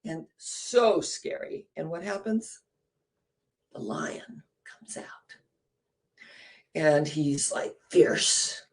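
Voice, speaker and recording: Gravelly-voiced woman minister preaching. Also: low voice, drawn-out words, pauses often. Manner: animated storytelling, rhetorical questions, drops to hushed near-whispers. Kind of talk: sermon.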